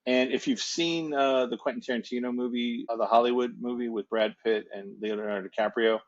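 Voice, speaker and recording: A man's voice: medium pitch, steady tone, fairly quick, muffled recording. A male actor and producer as a guest, telling rambling, casual anecdotes with lots of restarts. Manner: rambling, repeats words and restarts.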